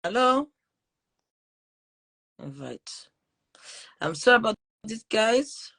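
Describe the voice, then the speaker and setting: A woman's voice: on the high side, big pitch swings, slow pace. A woman with a French accent, a teacher hosting a live podcast interview, chatty and full of fillers and apologies. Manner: chatty, warm-hearted, apologetic, with many fillers. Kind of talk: live-streamed conversational interview.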